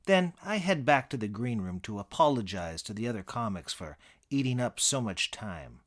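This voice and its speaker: A man narrating a comic first-person story in a dry, deadpan, boastful manner. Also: lowish voice, moderate pace.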